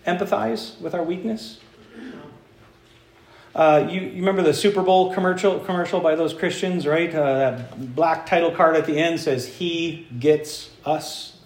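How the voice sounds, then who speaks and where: A man's voice: a little high, a little slow. A man preaching a sermon as pastor in a church, engaging and quizzing his congregation with questions. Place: church sanctuary. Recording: echoey room.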